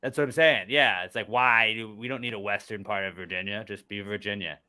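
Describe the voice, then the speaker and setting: An American man co-hosts a casual podcast and rants bluntly, swearing freely. His voice is a touch low but bright and forceful. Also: fairly even intonation, a little fast. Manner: blunt, swearing, ranting opinions. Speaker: podcast co-host. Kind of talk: casual chat.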